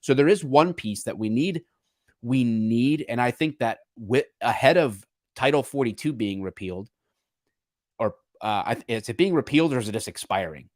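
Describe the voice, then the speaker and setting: A man's voice: mid-range voice, expressive, moderate pace, dry recording, studio quality. A man co-hosting a podcast, talking through an issue in a casual, earnest way and often restarting his sentences as he searches for words. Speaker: podcast co-host. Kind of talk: casual political discussion.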